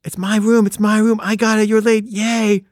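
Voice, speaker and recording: A man putting on the voice of a petty young woman film student, taunting in a high, sing-song tone. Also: level tone, normal speed, no room sound, studio quality, lightly acted. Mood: gloating.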